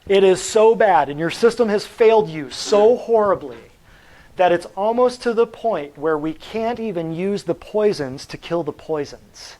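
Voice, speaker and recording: A man delivers a natural health lecture to a class in a classroom. His voice sits a little high, and he talks in an animated, preachy way. He keeps throwing rhetorical questions at his listeners. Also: unhurried, poor audio.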